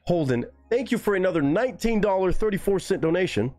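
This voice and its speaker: Animated, swearing male streamer. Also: fast talker, hardly any pauses, faint music behind. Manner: animated, swearing, jumps to high pitch when surprised. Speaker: livestream host reacting to music. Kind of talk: casual live-stream chat.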